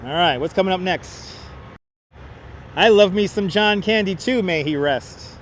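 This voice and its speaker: A high-pitched man speaks a little slowly, with slight noise in the background, while hosting a planespotting stream outside near an airport. Wearing a wireless clip-on mic, he keeps up a chatty, joking live commentary as flights come in.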